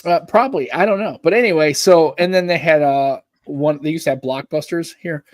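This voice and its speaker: A man's voice: a little high, fairly quick, dry recording. Chatty American man co-hosting. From United States. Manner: rambling, chatty storytelling. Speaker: podcast co-host. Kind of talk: casual chat.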